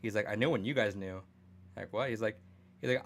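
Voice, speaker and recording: A man's voice: lowish voice, brisk. A young man co-hosting a podcast in casual chat, rambling with many fillers, restarts and swearing. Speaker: podcast co-host.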